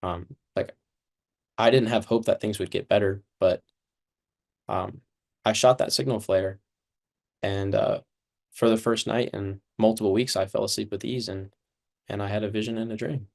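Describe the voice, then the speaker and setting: Young man, lowish voice, earnest personal testimony, interview guest. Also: steady tone, moderate pace, gravelly, pauses often, darkish tone. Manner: earnest, heavy use of "like".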